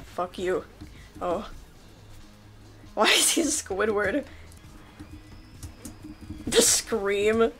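A woman casually commentating a game she is playing, excitable and jokey, laughing often and yelping when things go wrong. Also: medium pitch, drawn-out words, pauses often, soft background music. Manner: excitable, laughing, swearing, yelps in panic. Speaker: gameplay commentator. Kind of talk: casual let's-play commentary.

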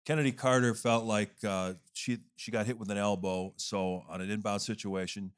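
A man co-hosting a podcast, reading an ad and leading into segments in a steady, upbeat way. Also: lowish voice, normal speed, smooth. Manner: steady, upbeat announcer-like segues. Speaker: podcast co-host. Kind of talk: casual chat and ad reads.

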